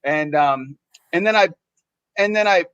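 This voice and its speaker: Animated man telling a story. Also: high voice, measured pace, clear, resonant tone, dry recording. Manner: animated, acts out other people's lines in shifting voices. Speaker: podcast co-host. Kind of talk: casual storytelling chat. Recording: dull lo-fi sound.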